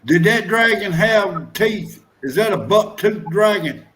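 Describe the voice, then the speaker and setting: Folksy joker, slow speaker, casual chat with a faint hiss behind. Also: male voice, high voice, expressive, fairly bright tone. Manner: joking, folksy, teasing. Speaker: livestream guest.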